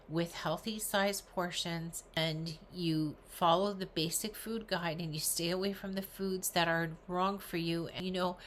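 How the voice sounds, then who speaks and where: Older woman, lowish voice, chatty, earnest, encouraging, casual vlog talk, faint background hiss. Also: fairly bright tone. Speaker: weight loss vlogger. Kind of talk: casual direct-to-camera talk.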